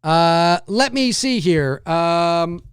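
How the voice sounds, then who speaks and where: This livestream host talks extremely slowly in a smooth voice on the high side, yet rambles animatedly about a film with many restarts and fillers while answering viewer comments. The recording is dry and studio quality.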